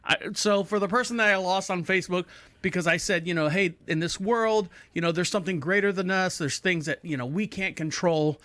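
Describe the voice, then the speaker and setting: With a high-pitched voice and a brisk pace, a man in his forties chats casually on his podcast. He's an animated storyteller who impersonates the people he quotes, recorded with no room sound.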